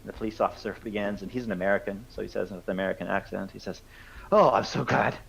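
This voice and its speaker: A man's voice: low-pitched, level tone, rapid-fire, vocal fry, husky. A man narrating as game master in a casual, rambling way with many fillers. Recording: dull lo-fi sound with faint music.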